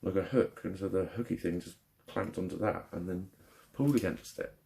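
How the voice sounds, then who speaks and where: A young male vlogger rants angrily in a personal vlog, swearing heavily as he retells a frustrating phone call. His low, gravelly voice is brisk and warm in tone, with a little hiss or hum in the recording.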